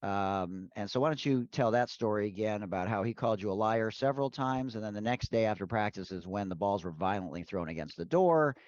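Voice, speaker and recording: Low-voiced male podcast host, dry and dull. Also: animated, fairly quick, few pauses, a little mellow, dry recording. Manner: emphatic, urging listeners. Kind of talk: podcast interview.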